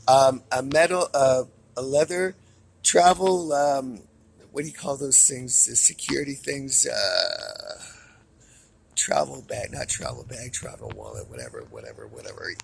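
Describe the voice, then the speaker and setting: A man's voice: medium pitch, measured pace, vocal fry, slight background noise, low-quality recording. A man giving a weekly update to camera in an angry, profane rant. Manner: furious, profane ranting.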